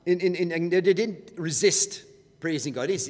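A man's voice: high voice, lively intonation, fairly quick, long reverb tail. A man teaching a Bible study in a conversational way, often repeating words as he goes.

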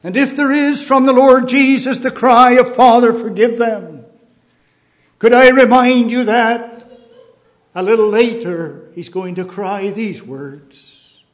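A man preaching a sermon in a measured, emphatic way, repeating key phrases. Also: high voice, steady tone.

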